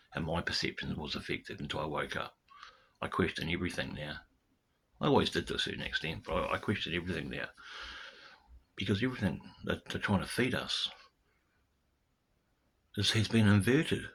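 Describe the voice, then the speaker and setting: A man's voice: sits low, fairly bright tone, slightly rough. A man talking straight to his viewers in a loose, ranting monologue, repeating words and firing off rhetorical questions. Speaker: vlogger. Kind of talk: casual spoken monologue to camera.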